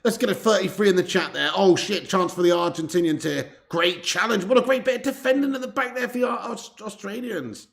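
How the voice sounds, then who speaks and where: A man hosting a live football watch-along, chatting casually, reading out viewer messages and swearing when he gets excited. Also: high-pitched, fairly quick, gravelly, hardly any pauses. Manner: excitable, swears, reads viewer chat aloud.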